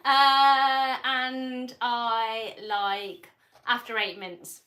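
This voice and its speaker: Bright-voiced playful woman host. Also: fairly high pitch, level tone, extremely slow, slight background noise. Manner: playful, jokey, laughs often. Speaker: livestream host. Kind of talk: casual chat.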